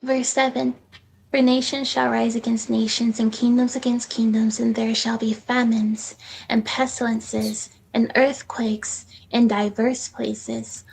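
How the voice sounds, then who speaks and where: A woman reading scripture aloud in a steady, measured way during a Bible study. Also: fairly high pitch, gravelly, a little hiss or hum, rough recording. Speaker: scripture reader.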